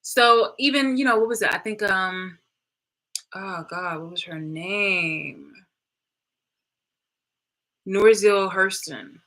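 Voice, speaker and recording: A woman's voice: mid-range voice, takes it slowly, long pauses, a bit bright, poor audio. A woman delivering a heated, profane monologue rant to her viewers, angry, with many fillers and restarts. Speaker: vlogger.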